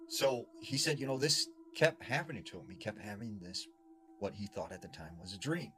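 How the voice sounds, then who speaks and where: A man dramatically retelling a scary story, his voice swinging from loud to hushed. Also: on the low side, animated, moderate pace, noisy background.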